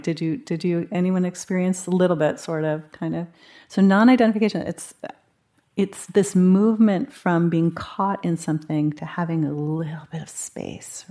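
Relaxed, chatty woman teaching meditation. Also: lowish voice. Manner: conversational, animated, acts out inner thoughts in quotes. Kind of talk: guiding a live retreat group. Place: meditation hall at a retreat.

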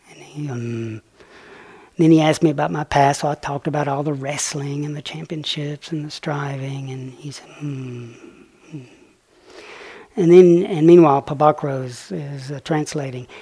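Male dharma teacher, animated storyteller, voice sinks to a soft hush for key lines. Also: fairly high pitch, normal speed, slightly rough. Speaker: meditation teacher. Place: meditation retreat hall.

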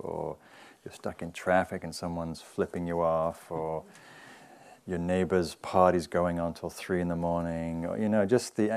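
A man, a meditation teacher, giving an informal dharma talk in a relaxed, chatty way, often saying "you know" and laughing softly. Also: low-pitched, clear, resonant tone.

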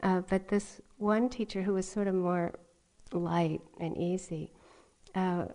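A middle-aged woman giving a dharma talk as a meditation teacher, gentle and often laughing softly as she tells stories. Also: on the low side, steady tone, slow. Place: retreat meditation hall.

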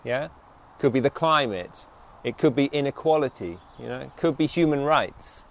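As a meditation teacher, this man delivers a reflective dharma talk, slowing to emphasize key phrases and checking in with his listeners often. His mid-range voice is expressive and creaky.

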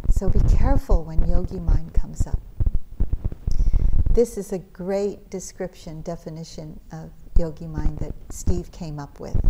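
Lower-voiced woman giving a dharma talk. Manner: gentle, reflective, with soft laughs. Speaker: meditation teacher. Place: retreat center meditation hall. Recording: loud background noise.

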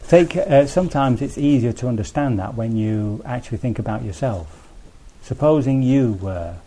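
A man's voice: medium pitch, expressive, normal speed, dark tone. A man teaching as a Buddhist teacher in a conversational dharma talk, thinking aloud with restarts and frequent asides to his listeners.

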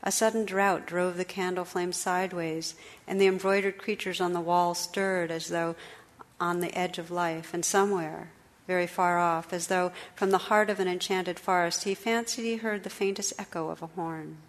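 A woman meditation teacher reads an old legend aloud in a low voice. Her reading is measured and expressive, in the unhurried storytelling style of a dharma talk.

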